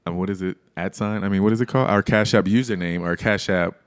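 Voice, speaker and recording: Deep-voiced laid-back young man co-hosting. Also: quick pace, clear, resonant tone. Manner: laid-back, laughs often, drawls when reading out details. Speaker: podcast co-host. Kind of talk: casual chat.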